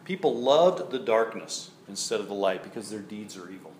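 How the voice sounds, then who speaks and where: A man's voice: fairly low pitch, expressive, normal speed, darkish tone. A male pastor preaching a sermon in a church, reading scripture aloud and then explaining it in a conversational way that keeps checking in with "right?". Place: church sanctuary. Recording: roomy echo, faint background noise.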